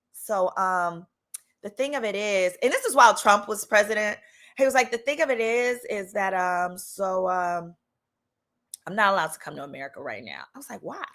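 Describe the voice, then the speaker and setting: A woman's voice: on the high side, a bit bright. A woman attorney and host telling a personal story in a casual, sassy way, jumping into voices for the people she quotes.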